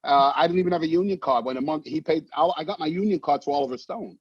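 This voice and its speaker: A man, an actor telling stories in a casual interview, animated and swearing, acting out voices. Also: a little high, fast, breathy edge, no echo. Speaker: actor guest. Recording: dull muffled sound, dry.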